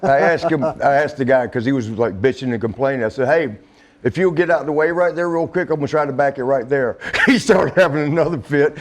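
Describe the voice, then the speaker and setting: Laughing, cussing man telling a story. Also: brisk. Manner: laughs often, swears, acts out quotes with raised pitch. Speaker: interview guest. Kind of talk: casual storytelling.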